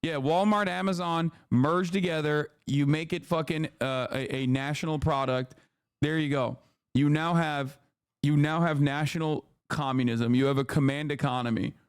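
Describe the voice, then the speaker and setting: A man's voice: a little high, fairly even intonation, moderate pace, smooth, dry recording, clean studio sound. A man in his thirties from the United States, commenting on politics on a live stream in a profane, sarcastic way and mocking people with impressions.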